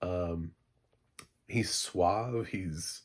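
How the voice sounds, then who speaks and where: A man's voice: low voice, very slow. A man giving a casual, blunt spoken review of a TV show, exasperated and laughing in asides.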